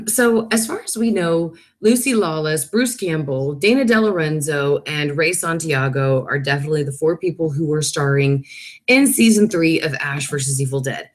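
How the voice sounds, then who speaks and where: A woman in her thirties talks casually on her live stream, her voice sitting a little low. She reads out viewer comments and keeps the talk loose, apologizing quickly and laughing easily. Her manner stays chatty and informal. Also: animated.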